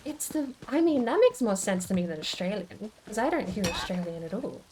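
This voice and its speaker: A woman's voice: medium pitch, big pitch swings, brisk, background noise. A woman streamer in casual chat, musing aloud and answering chat comments as she goes. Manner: chatty and musing, with many restarts.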